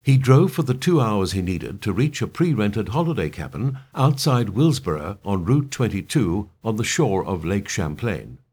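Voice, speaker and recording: A man reads thriller narration aloud in a low, somewhat husky voice. His delivery is steady, yet the pitch rises and falls expressively. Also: moderate pace, few pauses.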